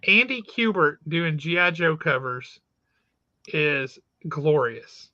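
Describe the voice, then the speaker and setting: An excitable man gushing in casual chat about comics, his voice high and very bright. The sound is dry and a little dull, with no room around it. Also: takes it slowly, no room sound. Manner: enthusiastic, exclamatory. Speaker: podcast co-host.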